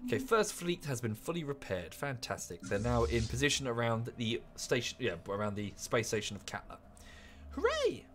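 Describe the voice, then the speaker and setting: A man streaming a strategy game from home, thinking aloud in a chatty, rambling way with offhand asides. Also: medium pitch. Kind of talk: casual live-stream commentary.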